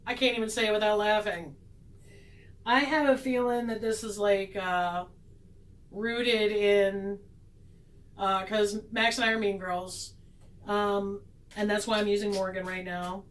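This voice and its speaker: A woman's voice: medium pitch, fairly bright tone, poor audio. A woman vlogging a tarot reading in a casual, sarcastic, self-mocking way, laughing often.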